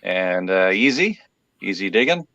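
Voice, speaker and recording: A man chats as a podcast guest, hesitant and full of fillers, often giggling. His pitch moves around a lot, and his bright voice sounds dry and close. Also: very animated, unhurried, no room sound, highs cut off. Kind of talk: casual podcast chat.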